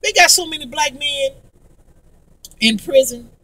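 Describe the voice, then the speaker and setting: A woman's voice: high-pitched, unhurried, pushed and bright, dry recording, distant mic. A woman vlogger in a profane, angry monologue, repeating herself and stumbling through restarts. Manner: profane, emphatic, repetitive, with heavy stammered restarts.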